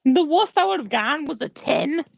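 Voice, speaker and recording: A woman's voice: sits high, animated, normal speed, vocal fry, dry recording, low-quality recording. A woman playing a tabletop game over chat, explaining her moves plainly. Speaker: player.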